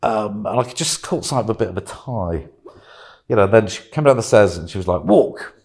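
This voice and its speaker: A British man chatting casually, telling an animated anecdote and acting out voices. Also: fairly low pitch, a little fast. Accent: British English. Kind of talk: casual storytelling chat.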